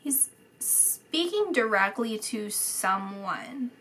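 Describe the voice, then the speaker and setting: A woman talks through a psychic reading at an unhurried pace. Her voice is bright and a little tense, and she hesitates often, trailing into soft near-whispers before picking back up. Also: fairly high pitch, animated, a little hiss or hum. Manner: hesitant, many fillers, drifts into soft whispers. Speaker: psychic reader. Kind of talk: casual spoken psychic reading.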